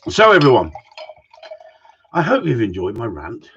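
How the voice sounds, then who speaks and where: A man's voice: mid-range voice, wildly swooping pitch, measured pace, a bit bright, highs cut off, slight background noise. A middle-aged man who trains gundogs, hosting a casual live-stream Q&A and ranting bluntly, swearing freely as he rambles through his opinions. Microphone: live-stream mic.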